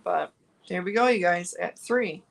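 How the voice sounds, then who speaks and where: A woman's voice: on the low side, measured pace, creaky, low-quality recording. A woman chatting casually on a home crafting livestream, rambling with fillers and restarts. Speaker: crafting vlogger.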